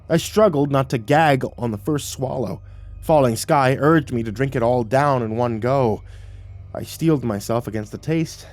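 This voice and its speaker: A man of medium pitch narrates a first-person horror story, throwing in casual profanity and vivid detail. Soft music plays faintly behind his voice. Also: no room sound. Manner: vivid, profane, grows excited.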